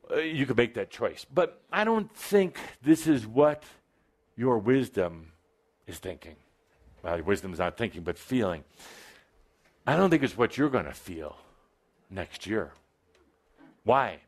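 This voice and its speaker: With a lowish, very animated voice at a moderate pace, this man pauses often as he delivers a channeled spiritual talk to a live group. He's a spiritual teacher, and his style is playful, teasing and theatrical, drawing out key phrases for emphasis.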